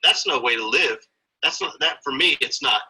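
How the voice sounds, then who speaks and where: A man with a husky, bright and forceful voice speaks earnestly in an interview. He sounds motivational, pressing his points about fatherhood and health. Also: medium pitch, lively intonation, normal speed, poor audio. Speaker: guest, father. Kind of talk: interview conversation.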